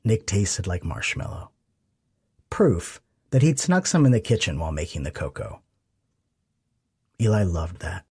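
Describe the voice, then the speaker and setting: A man narrating an audiobook romance in a soft, intimate reading. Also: low-pitched, big pitch swings, unhurried, pauses often, husky, dry recording, clean studio sound. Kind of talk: scripted narration.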